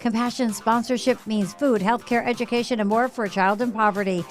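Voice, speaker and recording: A woman giving a brisk radio traffic report, reading the items in a crisp, rapid-fire way. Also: on the high side, fairly even intonation, soft background music.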